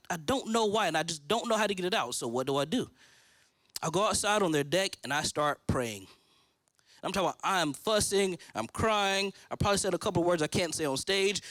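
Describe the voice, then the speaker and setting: A man's voice: sits high, fairly bright tone, no echo. A man in his thirties preaching a sermon from a church stage, telling his own story and acting out his prayers. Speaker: pastor.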